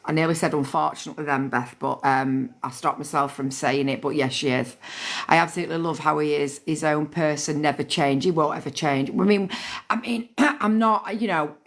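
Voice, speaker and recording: A woman's voice: sits low, moderate pace. A woman, chatting casually and swearing freely while she hosts a live stream on her phone. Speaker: livestream host.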